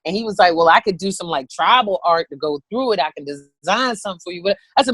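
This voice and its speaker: A woman in her thirties, a comedian telling a story, animated and profane, acting out the voices of people in it. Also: on the low side, quick pace, a little hiss or hum. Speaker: comedian guest. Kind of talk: comic storytelling.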